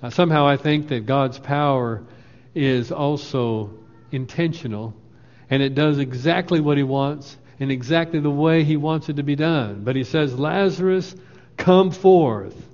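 A man's voice: medium pitch, moderate pace, darkish tone. A man preaching a sermon, emphatic, acting out the quoted lines with a rising voice. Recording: long hall reverb, dull lo-fi sound.

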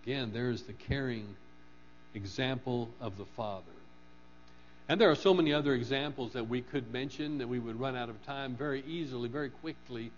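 A man preaching a sermon in an earnest manner, rising to fervent emphasis and dropping low on key phrases. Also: fairly quick. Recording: dull lo-fi recording with mains hum.

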